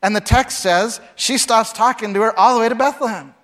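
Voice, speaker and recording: A man's voice: extremely high pitch, a little fast, fairly bright tone. A middle-aged man preaching a casual sermon, reading scripture and adding humorous asides and rhetorical questions. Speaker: pastor.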